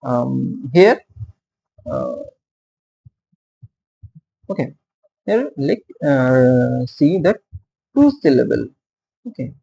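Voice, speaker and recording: A male teacher, explaining poetry meter in a halting way, with many fillers and questions put to his listeners. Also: mid-range voice, wildly swooping pitch, vocal fry, warm tone, husky, low-quality recording. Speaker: literature teacher. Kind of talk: casual classroom-style explanation.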